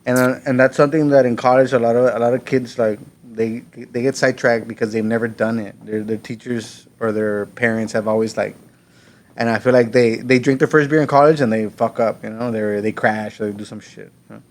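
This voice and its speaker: A man's voice: medium pitch, fairly even intonation, a little fast. Male guest, mid-range voice, loose profane storyteller, drops Spanish phrases. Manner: profane, rambling, slips into Spanish. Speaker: podcast guest. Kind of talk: casual storytelling chat.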